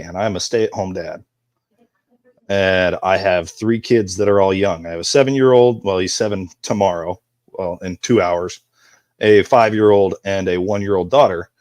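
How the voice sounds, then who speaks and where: Podcast guest guy, lowish voice, opens up about stuff, dry sound. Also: dry recording. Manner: open, candid storytelling. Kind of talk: casual chat.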